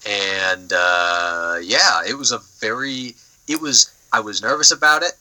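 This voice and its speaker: A man's voice: fairly low pitch, measured pace, pushed and bright, rough recording. A young man chatting casually on a podcast, rambling with lots of fillers and the odd swear word. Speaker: podcast co-host. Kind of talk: casual chat.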